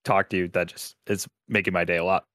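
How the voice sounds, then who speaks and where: A man's voice: low voice, little pitch movement, fast talker, bright, forceful tone, no echo, studio quality. A man interviewing a narrator over a video call, asking questions in a hesitant way packed with fillers. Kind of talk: casual interview chat.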